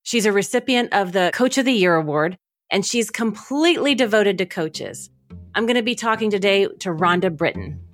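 A woman's voice: mid-range voice, animated, moderate pace, soft background music. A woman hosting an interview, introducing her guest with upbeat enthusiasm. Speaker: podcast host.

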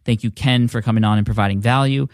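A man's voice: mid-range voice, fairly even intonation, fast, dry recording, studio quality. A man hosting a podcast, talking with enthusiasm and many restarts and fillers. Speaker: podcast host. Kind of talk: casual podcast talk.

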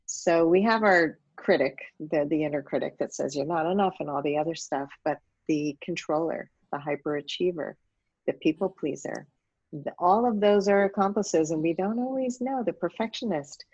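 A woman's voice: low-pitched, normal speed, a little mellow, breathy edge, no room sound. Woman coach hosting a chat, laughs a lot, dry muffled recording. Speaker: host and coach. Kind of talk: casual interview. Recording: dull lo-fi audio.

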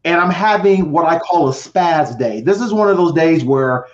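A man's voice: fairly high pitch, expressive, normal speed. A middle-aged man telling his personal story with drama as a podcast guest, acting out voices and counting down. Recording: roomy, dull lo-fi sound.

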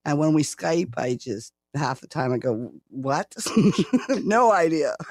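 A woman's voice: sits low, big pitch swings, a little slow, a little mellow, no echo, clean studio sound. A Canadian woman in her sixties, recently retired, chatting as an interview guest with frequent laughs. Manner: chatty, laughs often, self-deprecating. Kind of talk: casual interview chat.

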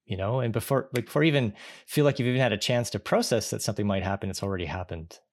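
A man's voice: on the low side, racing. Reflective man in his forties hosting. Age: 40s. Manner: reflective, with frequent restarts. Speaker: podcast host. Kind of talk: conversational interview.

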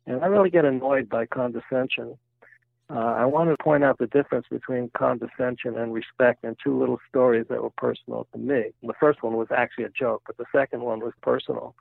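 A man's voice: mid-range voice, fairly even intonation, fairly quick, gravelly, dry recording. An older retired man telling jokes and stories in a chatty interview. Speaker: guest, retired volunteer museum-ship guide. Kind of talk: casual interview storytelling. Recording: tinny phone-like line, dry.

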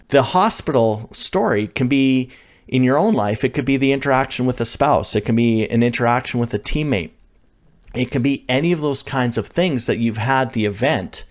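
Man coaching in a loose, chatty way. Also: medium pitch. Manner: conversational, with frequent fillers and self-corrections. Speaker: leadership coach. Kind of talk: instructional talk.

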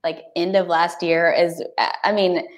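A woman guest on a podcast, chatting casually and animatedly, with frequent restarts. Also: on the low side. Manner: animated, talks fast with many restarts.

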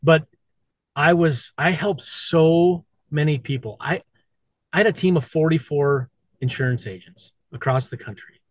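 A man's voice: on the high side, measured pace, dry recording. Blunt man, dry lo-fi sound. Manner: candid, blunt, swears, repeats phrases. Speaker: podcast guest, entrepreneur. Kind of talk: casual conversation.

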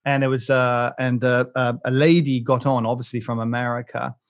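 A man's voice: medium pitch, little pitch movement, moderate pace, highs cut off. A British man hosting a podcast, chatting casually in a rambling, joking way with many restarts and fillers. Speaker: podcast host. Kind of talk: casual chat.

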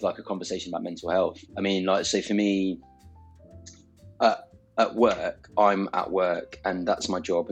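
A man's voice: sits low, gravelly, breathy edge. A man, an emergency doctor hosting a podcast, chatting candidly and reflectively, swearing now and then. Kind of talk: casual chat.

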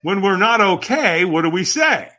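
Animated man telling a story, bright voice. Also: high-pitched, moderate pace. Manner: acts out quoted voices, emphatic. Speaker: podcast guest.

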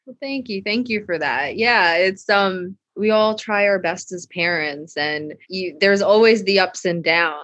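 A woman's voice: mid-range voice, unhurried, hardly any pauses, no echo. A woman in her thirties shares a story from her own parenting in an earnest, open way. She speaks conversationally in a dry, close recording. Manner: earnest, storytelling, animated when quoting. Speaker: podcast host, mother. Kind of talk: casual conversation.

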